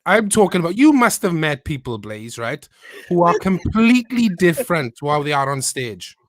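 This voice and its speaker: Enthusiastic podcast host, lively voice. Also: male voice, fairly high pitch, moderate pace. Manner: enthusiastic, stumbling restarts, calls guest brother. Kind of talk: casual chat.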